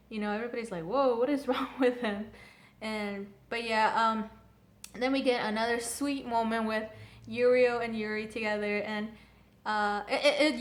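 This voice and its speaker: A young woman reviewing an anime episode in casual chat, gushing and excitable, full of "like" and restarts. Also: on the high side. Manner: gushing, filler-heavy, excitable.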